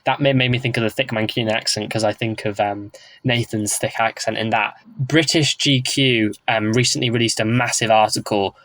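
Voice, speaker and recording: A man's voice: fairly low pitch, a bit bright, no room sound, low-quality recording. A man co-hosting a podcast in casual chat, talking chattily with wry asides. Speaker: podcast co-host.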